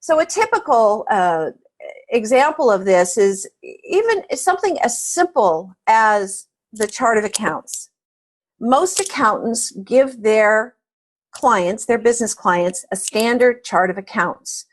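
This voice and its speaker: A woman's voice: fairly high pitch, big pitch swings, takes it slowly. A woman speaking as an interview guest, explaining in a conversational storytelling way and repeating words as she starts a thought.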